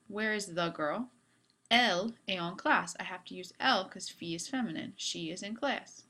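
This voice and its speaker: A woman's voice: medium pitch, a bit bright. A woman teacher giving a video lesson on French grammar, upbeat with playful asides.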